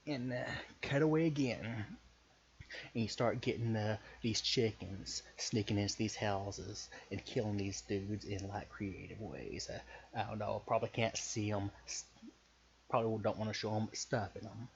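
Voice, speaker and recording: A man with a Southern US accent tells a story in a low voice, loose and profane and full of hesitations. The recording sounds a bit muffled, with a faint hiss underneath. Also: fairly even intonation, normal speed, gravelly. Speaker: podcaster pitching a story idea. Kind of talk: casual rambling storytelling.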